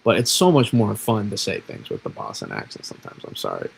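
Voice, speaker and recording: A man's voice: fairly low pitch, wildly swooping pitch, fairly quick, vocal fry, slight background noise, rough recording. A man from Massachusetts, an amateur weatherman, rambling casually through forecast models on a livestream. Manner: rambling, self-deprecating, restarts often. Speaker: weather streamer.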